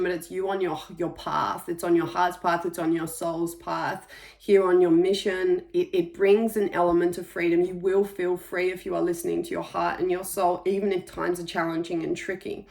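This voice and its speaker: A woman giving a spiritual energy reading for the month, talking in a gentle, reflective way with soft pauses. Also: on the low side. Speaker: intuitive energy reader.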